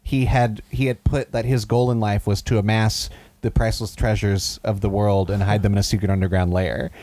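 A man co-hosting a podcast in casual chat, recapping scenes in a wry, deadpan way. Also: fairly low pitch, fairly quick, no echo. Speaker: podcast co-host.

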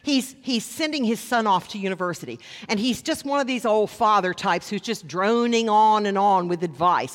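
Wry pastor preaching in a reverberant hall. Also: male voice, high-pitched, animated, fairly bright tone. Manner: conversational, wry asides, slows down for emphasis. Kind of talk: sermon. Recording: long reverb of a large hall.

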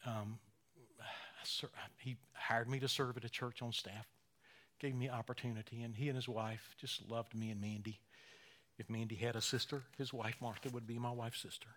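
A man in his sixties preaching a sermon, emotional, dropping to near-whispers and rising to loud, fervent emphasis, slowing on key phrases. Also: mid-range voice, little pitch movement. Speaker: pastor.

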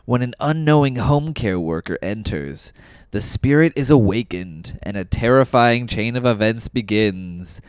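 A man's voice: mid-range voice, expressive, unhurried, smooth, dry recording. A man co-hosting a podcast, talking in a casual, dry joking way. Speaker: podcast co-host. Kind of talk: casual chat.

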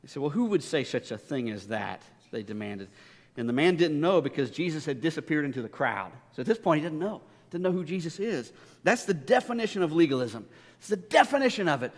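Male pastor, conversational emphatic sermon, higher-pitched voice, long church-hall reverb. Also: big pitch swings, fast. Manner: conversational, emphatic preaching with storytelling.

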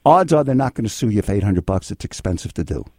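An older man hosting a call-in legal advice radio show, blunt and excitable, swinging between yelling and calm. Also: fairly low pitch, quick pace, no room sound, clean studio sound. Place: radio studio.

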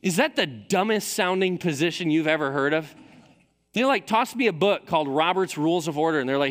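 Storytelling pastor in an echoing church hall. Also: male voice, a little high, expressive, brisk. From Michigan. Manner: storytelling, self-deprecating humor. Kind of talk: sermon. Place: large church auditorium. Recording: long reverb of a church hall.

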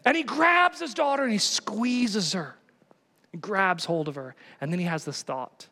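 A man preaching a sermon in a conversational, animated way, often asking the congregation rhetorical questions. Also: high-pitched, unhurried, long reverb tail. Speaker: pastor.

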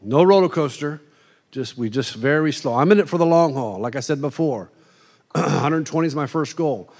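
A middle-aged man gives a conversational sermon, playing out quick quoted voices as he talks. His voice sits fairly high for a man. Long reverb trails off the walls of a large hall. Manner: animated, plays out quoted voices in asides. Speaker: preacher.

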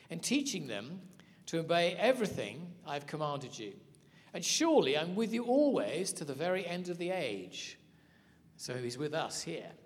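A man teaching a sermon, telling stories in an animated way. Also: fairly high pitch. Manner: storytelling, animated. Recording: hall reverb.

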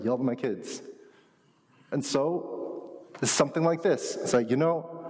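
A pastor delivering a relaxed, animated sermon, talking with his church like a friend. His voice sits in an ordinary middle range. A long reverb hangs on every phrase, as in a large hall. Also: mid-range voice. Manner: conversational, animated teaching with asides.

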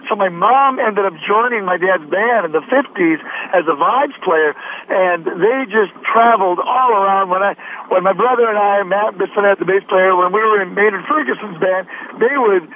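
A man from Michigan, a guest musician telling lively stories in a casual interview over a cell phone from his car. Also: high voice, moderate pace, phone-quality sound, slight background noise. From Michigan, USA. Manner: animated storyteller. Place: in a car in traffic.

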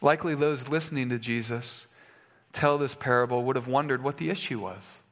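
A man's voice: mid-range voice, a little fast, a bit bright, big-room sound. A male pastor preaching a sermon in a conversational way, with fillers and restarts, in a church sanctuary.

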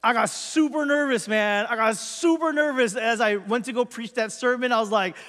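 Earnest high-voiced male pastor. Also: normal speed, fairly bright tone. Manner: earnest, conversational storytelling. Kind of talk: personal testimony to a congregation. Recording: long hall reverb.

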